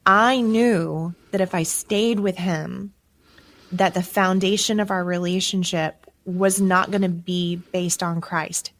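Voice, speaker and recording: A young adult woman sharing her personal faith testimony as a podcast guest, with emotional, animated storytelling and surging emphasis. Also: lowish voice.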